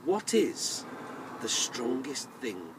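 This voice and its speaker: A storyteller playing a lazy young boy who eagerly shouts at the things he thinks are strong. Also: mid-range voice, huge pitch swings, extremely slow, background noise, heavily acted. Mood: boastful calls.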